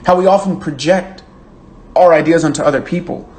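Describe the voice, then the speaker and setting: A man's voice: fairly high pitch, a little fast, darkish tone. A man hosting a book club livestream, reading comments and talking things through in an earnest, thoughtful way that stammers and restarts. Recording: roomy echo with faint room noise.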